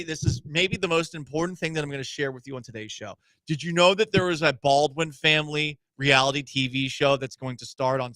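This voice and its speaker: A man's voice: a little high, pushed and bright, clean tone, no room sound. A man hosting a sports radio show, chatting casually and mocking celebrity news with sarcasm. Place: radio studio. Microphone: studio microphone.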